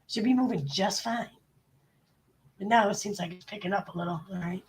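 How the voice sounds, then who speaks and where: A woman live streamer, sick with a bad cold and clearing her throat, chatting bluntly and swearing freely as she greets her viewers. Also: mid-range voice, a little fast. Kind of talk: casual livestream chat.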